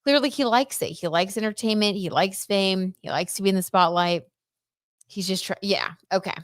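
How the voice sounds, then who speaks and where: She's a tarot reader running a loose, chatty livestream, voicing viewer comments aloud and frequently using "like" and "I don't know." Medium pitch, normal speed, clean studio sound with no room noise.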